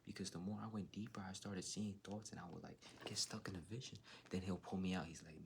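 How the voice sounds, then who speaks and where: A man with a very low, gravelly voice gives a live tarot reading to his viewers. His talk is laid-back and slangy, and he keeps slipping into soft, whispery asides. A faint hiss sits under the recording. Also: fairly quick, hardly any pauses. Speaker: tarot reader.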